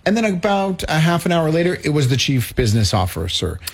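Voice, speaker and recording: A man co-hosting a talk show, telling a story in a chatty, casual way with quick asides. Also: fairly high pitch, big pitch swings, slightly rough. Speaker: co-host. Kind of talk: casual chat.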